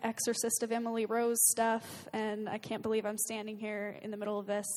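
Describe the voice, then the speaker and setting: A woman with a high, slightly mellow voice speaks briskly and in a monotone, with a long reverb tail behind her. As a guest, she earnestly shares a personal experience as casual testimony, full of fillers and bursts of laughter.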